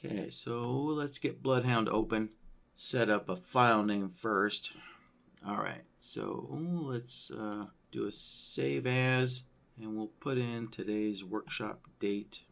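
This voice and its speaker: A man walking through a trading-software tutorial on a screen share, thinking aloud and checking in with "right?" as he goes. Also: fairly low pitch, slow, creaky. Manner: loose, thinking aloud, frequent "right?" tags. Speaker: software trainer.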